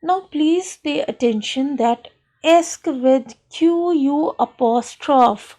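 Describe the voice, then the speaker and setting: Slow, high-voiced woman teacher. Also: a little mellow. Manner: repeats "fine" often, explains patiently. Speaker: school French teacher. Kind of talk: recorded online lesson.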